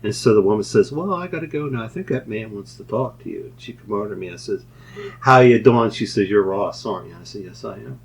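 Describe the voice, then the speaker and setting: A man's voice: on the low side, quick pace, vocal fry, a little hiss or hum, low-quality recording. A man telling rambling paranormal anecdotes on a casual radio show, often laughing at his own stories. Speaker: paranormal investigator, show regular. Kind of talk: casual storytelling chat.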